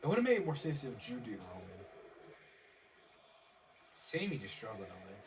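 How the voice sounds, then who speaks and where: A man's voice: medium pitch, big pitch swings, normal speed, recorded from a distance, background noise. A man chatting along to a wrestling match with short, laid-back replies and corrections. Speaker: co-watcher. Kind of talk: casual live reaction chat.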